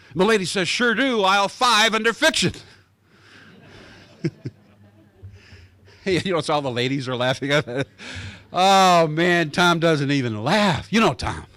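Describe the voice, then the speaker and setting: Man from Iowa, guest speaker at a club; high, animated storyteller who acts out quotes. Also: dry recording, clean studio sound. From Iowa, USA. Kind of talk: storytelling speech to a club meeting. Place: country club meeting room.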